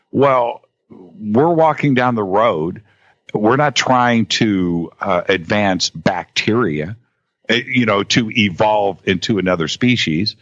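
A man in casual conversation as a guest, talking in halting bursts with many restarts and repeated words. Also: fairly low pitch, a bit bright, no room sound. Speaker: podcast guest. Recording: dull lo-fi audio.

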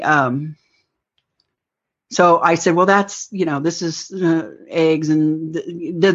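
A woman's voice: lowish voice, slightly rough. A woman telling a rambling personal story in an interview, acting out the lines she quotes. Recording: dull lo-fi recording.

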